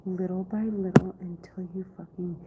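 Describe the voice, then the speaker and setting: A woman vlogging from her office in a rambling monologue, often half-whispered and halting, with many restarts. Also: on the low side, level tone. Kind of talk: rambling live-stream monologue. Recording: tinny phone-like recording, faint noise.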